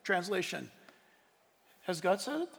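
Lively, animated preacher in a reverberant hall. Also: male voice, high-pitched, unhurried, gravelly. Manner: animated preaching with jokes and acted-out voices. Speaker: pastor. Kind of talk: sermon.

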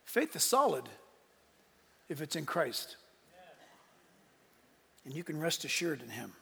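A man in his sixties preaching a sermon and telling his story earnestly, his voice swinging from hushed to emphatic. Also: a little high, very animated, slow pace, creaky, pauses often, slightly rough, big-room sound. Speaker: pastor.

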